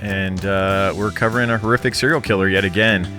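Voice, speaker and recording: Fast-talking Australian man, music underneath. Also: low-pitched. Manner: relaxed, chatty, joking. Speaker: podcast co-host presenting the case. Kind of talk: casual podcast chat.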